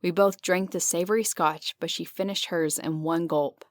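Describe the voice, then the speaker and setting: Low-voiced woman narrating a horror audiobook. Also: fairly even intonation, dry recording, clean studio sound. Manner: measured, descriptive first-person storytelling. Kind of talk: scripted narration.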